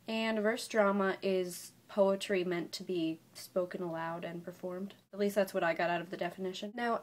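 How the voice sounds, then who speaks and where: A young woman vlogging casually from her bedroom, explaining poetry with playful, self-mocking asides. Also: medium pitch. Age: young adult. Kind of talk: casual educational vlog.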